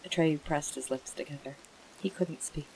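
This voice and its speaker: A streamer reading a bedtime story aloud and chatting with viewers, in a gentle, emotional way. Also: mid-range voice, moderate pace, a little hiss or hum, rough recording.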